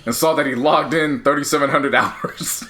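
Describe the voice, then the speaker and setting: A man co-hosting a casual sports podcast, telling stories animatedly and laughing often. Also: a little high. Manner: animated storytelling, quick retorts, laughs often. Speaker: podcast co-host. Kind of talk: casual chat.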